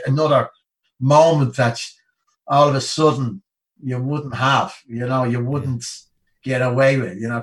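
An Irish man in his fifties, a guest telling a lively story in a casual way and acting out the people he quotes. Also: medium pitch, distant mic, low-quality recording. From Ireland. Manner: lively anecdote-telling, acts out the people he quotes, many "you know"s.

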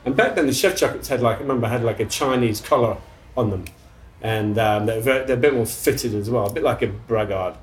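A middle-aged English man, a chef, telling stories from his career in a casual interview, with restarts, throat clearing and casual swearing. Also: medium pitch, a little fast, slight background noise. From England. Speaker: chef guest.

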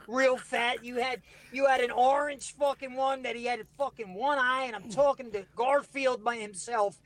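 A man with a high-pitched voice spins profane, animated stories in casual chat. He is a former radio DJ hosting the talk, speaking from inside his car. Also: moderate pace. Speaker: podcast host, former radio DJ.

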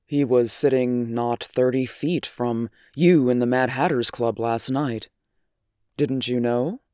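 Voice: mid-range voice, fairly even intonation, slow, warm tone, smooth, dry recording, studio quality, close to an everyday voice. A reader voicing a nervous, hesitant young man in a story. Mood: uneasy. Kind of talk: audiobook character voice.

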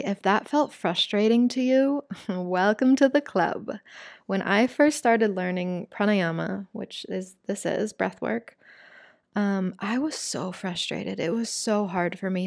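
Woman, young adult, breathwork teacher, calm and soft-spoken, casual, dry close sound. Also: medium pitch, gravelly, dry recording. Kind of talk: guided breathwork lesson.

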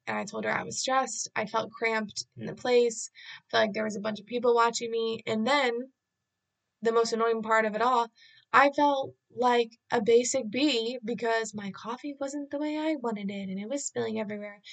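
A woman's voice: a little high, creaky. A woman vlogger casually retelling an anxious day in a rambling way, acting out bits of dialogue. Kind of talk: casual storytelling vlog.

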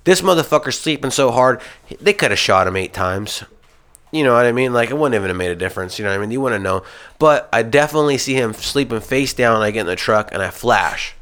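A young man in casual chat, telling a story full of swearing. He acts out what others said as he goes. His pitch sits in the middle for a man. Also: fast. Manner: animated, swears constantly, acts out quotes.

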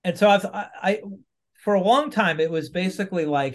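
A podcast guest from Maine speaks briskly in a high-pitched voice. In casual conversation he is chatty, laughs often and keeps restarting his sentences.

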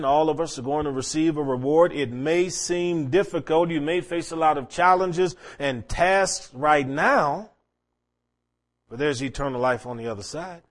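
A man preaching a sermon, telling a long story and quoting scripture, dropping to a hush and rising again. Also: a little high. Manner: storytelling preacher, quoting scripture, swinging between hushed and raised.

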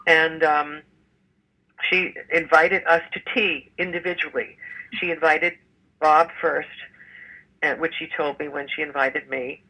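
An older musical theater actress, appearing as a guest, chats casually in an interview, rambling with lots of fillers and restarts. Her voice is deep, with a bright, forceful tone, and the recording is rough.

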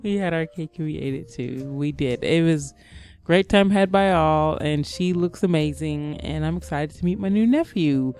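A woman's voice: low voice, normal speed, a little mellow, faint music behind. A woman co-hosting a casual family podcast, talking in a playful, teasing way. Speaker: podcast co-host. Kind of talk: casual chat.

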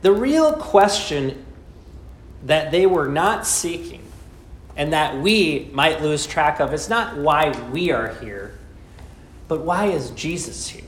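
A man preaching a sermon, asking rhetorical questions and slowing down with dramatic pauses. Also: fairly high pitch, big pitch swings. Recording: echoey room with faint ambience.

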